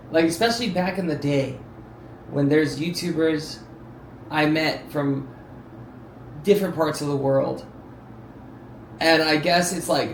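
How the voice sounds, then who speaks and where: A man chats casually on a live stream, his voice sitting fairly high. He tells stories with bursts of loud exclamation. The room sounds roomy. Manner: animated storyteller with sudden loud exclamations. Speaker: streamer reacting to videos. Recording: roomy sound with faint background noise.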